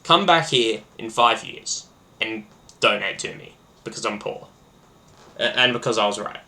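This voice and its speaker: A man hosting a casual solo podcast, rambling excitedly with lots of filler words. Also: fairly low pitch, measured pace. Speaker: podcast host.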